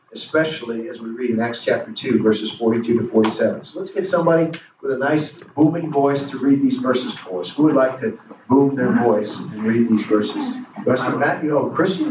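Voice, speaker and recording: A pastor with a voice on the high side preaches a sermon in a church sanctuary, questioning the congregation and drawing their answers back in call-and-response. The mic is distant, the sound echoes around the room, and there's background noise with faint ambience.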